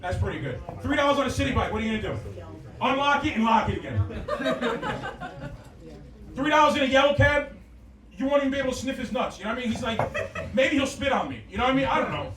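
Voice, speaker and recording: High, lively man doing crude stand-up. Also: fast, pauses often. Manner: crude, rambling, self-mocking. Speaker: stand-up comedian. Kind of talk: stand-up comedy set. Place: comedy club stage. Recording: roomy club sound from far off with crowd laughter.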